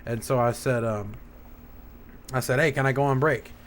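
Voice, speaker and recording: A man's voice: mid-range voice, moderate pace, a little hiss or hum. A young man hosting a gaming channel, telling a rambling, profanity-laced story in a casual, heated rant.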